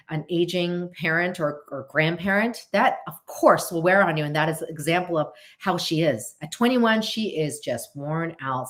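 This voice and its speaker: A woman hosting a casual live stream, answering viewer questions in an animated way, thinking aloud and often asking viewers whether they agree. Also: lowish voice. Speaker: host of a live show.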